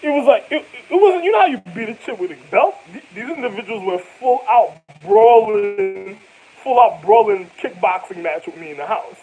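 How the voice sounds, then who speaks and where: Man, casual vlog storytelling, lively swinging pitch, laughs a lot, street slang. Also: normal speed, low-quality recording. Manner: animated, laughs often while telling stories; loose, rambling street slang. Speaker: vlogger.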